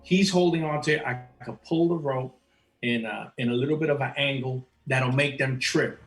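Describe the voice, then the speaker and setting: A man playing a tabletop game who eagerly lays out his plans out loud in casual, loose grammar. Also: medium pitch, normal speed, faint music behind. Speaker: player.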